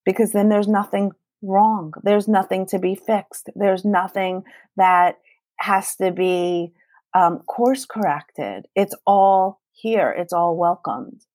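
A woman's voice: medium pitch, slow pace, a little mellow, no echo. Earnest mother talking openly, dry sound. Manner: earnest and emphatic, quoting herself in dialogue. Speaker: guest. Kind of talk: conversational podcast interview.

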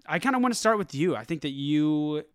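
A man co-hosting a casual movie review chat, animated and profane, often laughing. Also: on the high side, a little fast, no room sound, studio quality. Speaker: movie review podcast co-host.

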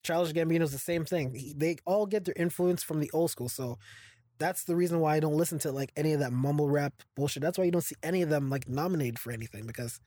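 A man's voice: on the high side, fast, dark tone, no echo. A man co-hosting a casual podcast, ranting with strong opinions and frequent restarts. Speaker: podcast co-host.

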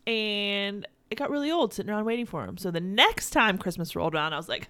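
A woman, co-hosting a podcast in casual chat, loud and quick to laugh. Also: medium pitch, clean tone. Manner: loud, laughs often, animated storytelling. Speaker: podcast co-host.

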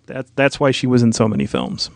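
A man's voice: medium pitch, fairly even intonation, brisk, creaky, dry recording. A man co-hosting a podcast, explaining film trivia at length in casual conversation. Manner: informative, explains details at length. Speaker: podcast co-host.

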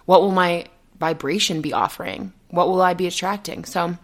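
A woman's voice: fairly low pitch, normal speed. A young woman hosting a solo podcast, talking earnestly and rambling, with frequent "okay?" check-ins and nervous giggles. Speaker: podcast host and coach. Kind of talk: casual solo podcast monologue.

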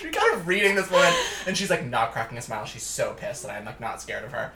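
A young man with a bright, lively voice tells a story in campy, theatrical casual chat. He sounds a little far from the mic, in a roomy space. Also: medium pitch, quick pace, gravelly, a little hiss or hum.

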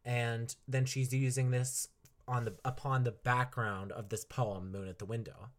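A young man talks through an album on his solo podcast, loose and chatty, full of fillers and little laughs. His voice sits at an ordinary middle pitch. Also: little pitch movement, measured pace. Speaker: podcast host reviewing an album. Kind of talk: casual solo podcast talk.

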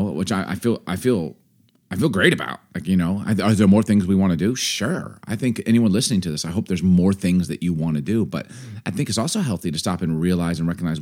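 A man in his forties co-hosting a casual chat, animated and excitable, voice jumping high when worked up. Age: 40s. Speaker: podcast co-host and pastor.

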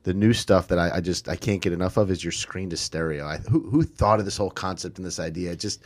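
A man's voice: low voice, fast. A male host interviewing a musician in casual chat, gushing with enthusiasm and often restarting his sentences.

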